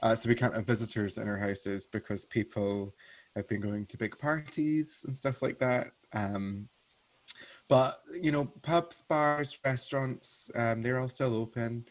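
Scottish guest, Glasgow accent, chatty and self-deprecating, mid-pitched, heard over a video call. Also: male voice, fairly even intonation, measured pace. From Scotland. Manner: chatty, self-mocking, swears casually. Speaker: guest, drag performer. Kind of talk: casual chat.

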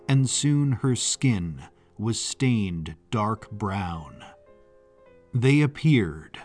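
A man reading a historical story as scripted narration, in a measured, deliberate way. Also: medium pitch, darkish tone.

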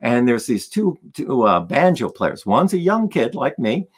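Animated male storyteller, lively voice. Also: mid-range voice, measured pace, husky. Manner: animated, acts out the voices of people in his stories. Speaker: guest musician. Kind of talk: storytelling in a conversation.

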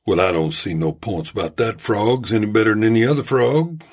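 A man voicing a shrewd stranger in a mining camp, speaking slowly and very deliberately. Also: fairly low pitch, a little mellow, natural voice. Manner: slow and very deliberate.

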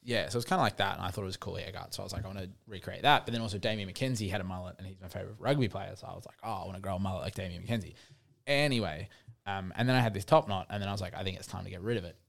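A man's voice: deep voice, rapid-fire, vocal fry, a bit bright. A man co-hosting a podcast, chatting casually, teasing his co-host and laughing often. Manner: laughing, teasing, swears freely. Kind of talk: casual chat.

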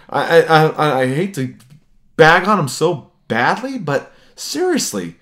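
A man's voice: a little high, big pitch swings, unhurried, a bit bright. A man co-hosting a casual hockey podcast, ranting bluntly and laughing often. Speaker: podcast co-host. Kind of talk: casual sports chat.

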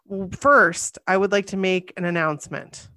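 A woman's voice: medium pitch, normal speed, sharp tone, dry recording. Tired, rambling woman podcast co-host. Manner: chatty, rambling, self-correcting. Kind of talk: casual chat.

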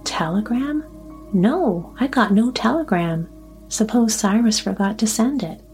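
A woman's voice: a little high, animated, a little slow, faint music behind. A woman voicing a kindly, fretful old grandmother in a storybook reading. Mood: grateful. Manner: fussing, soft-hearted.

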